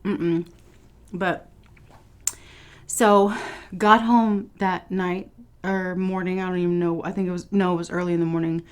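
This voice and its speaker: A woman's voice: lowish voice, level tone, a little slow, pauses often, clear, resonant tone. A young woman vlogger telling a personal story to her viewers in a casual, chatty way, swearing now and then and laughing. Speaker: food vlogger.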